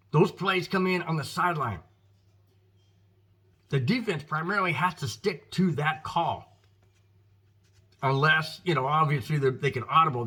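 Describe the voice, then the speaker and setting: An American man rants about his football team to his viewers, emphatic and exasperated. His voice is bright and forceful with a husky edge. It sits a little high for a man. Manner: emphatic, frustrated, addresses viewers as guys. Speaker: sports podcast host. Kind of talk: opinionated football commentary.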